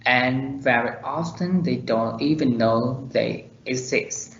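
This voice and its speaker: A young man with a Vietnamese accent reading a class presentation slowly and deliberately. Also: mid-range voice, slight background noise. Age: young adult. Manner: slow, deliberate reading of examples. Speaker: student presenter. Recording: echoey dull lo-fi room recording.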